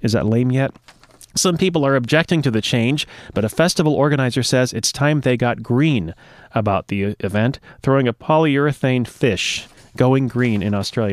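A man's voice: medium pitch, moderate pace, no echo. A man hosting a show, reading a news item aloud and breaking off with playful, self-mocking jokes. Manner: playful, self-mocking, ad-libs between read lines. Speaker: show host. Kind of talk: casual news reading with joking asides.

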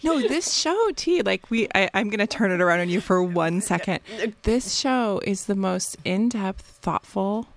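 A woman's voice: mid-range voice, normal speed, few pauses. A woman author from the United States, a guest in a radio studio, telling stories with enthusiasm. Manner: enthusiastic, animated storyteller. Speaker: author guest and occasional guest host. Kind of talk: casual radio interview.

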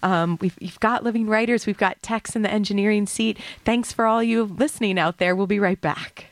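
A woman's voice: medium pitch, steady tone, a little fast, no echo. A woman hosts a radio interview, chatting easily and laughing often. She sits close to the microphone in a dry studio. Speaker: radio show host. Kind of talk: casual interview chat.

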